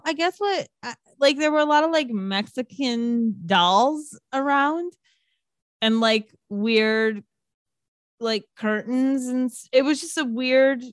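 A woman's voice: fairly high pitch, no room sound. A woman co-hosting a casual chat about a movie, swearing and laughing as she acts out its lines. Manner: animated, swears often, laughs a lot, acts out quotes. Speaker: podcast co-host.

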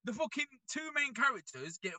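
English male co-host, lively and mocking, dry distant sound. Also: very high voice, fairly quick, dry recording. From England. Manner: animated, mocking storyteller. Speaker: podcast co-host. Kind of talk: casual chat. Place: in a car.

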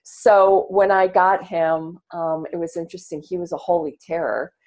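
A woman's voice: lowish voice, fairly even intonation, normal speed, a little mellow. A woman guest on a podcast, talking in an earnest, reflective way and swearing casually, over earbuds on a video call. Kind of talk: casual interview talk.

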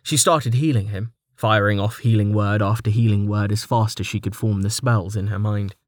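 A man narrating a fantasy audiobook in a steady, even storytelling manner. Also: lowish voice, moderate pace, no room sound, clean studio sound.

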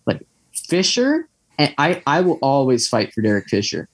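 A man's voice: mid-range voice, lively intonation, fairly quick, husky, dry recording. A young man, chatting casually as a podcast co-host, rambling with lots of fillers and tangents. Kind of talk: casual chat.

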